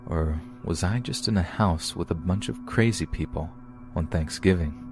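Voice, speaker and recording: A man with a very low, deep voice narrates a true horror story in a steady, measured way. His reading is scripted and even. Faint music plays underneath. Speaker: podcast narrator.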